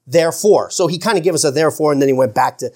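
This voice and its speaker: Earnest man preaching, slightly high voice. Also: darkish tone. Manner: earnest preaching with frequent restarts and stammers; shifts from slow emphatic phrases to quick asides. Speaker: pastor. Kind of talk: sermon.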